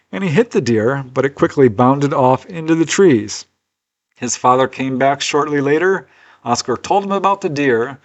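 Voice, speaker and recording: A man's voice: mid-range voice, highs cut off. A man presenting case studies as a researcher, telling each story in an earnest, conversational way with personal asides. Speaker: UFO researcher and author presenting cases. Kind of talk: unscripted storytelling narration.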